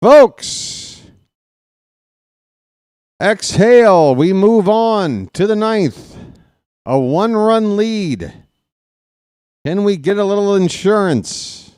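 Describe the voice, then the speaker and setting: Guy doing partisan baseball play-by-play, slow and smooth, dry close sound, gets excitable. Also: high voice, dry recording. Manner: partisan, excitable, pleads with viewers. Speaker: play-by-play announcer.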